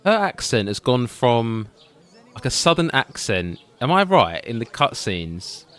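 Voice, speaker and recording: A man commenting casually while playing a game, musing out loud and unsure of himself. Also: medium pitch, big pitch swings, a little slow. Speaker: gaming YouTuber. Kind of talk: let's play commentary.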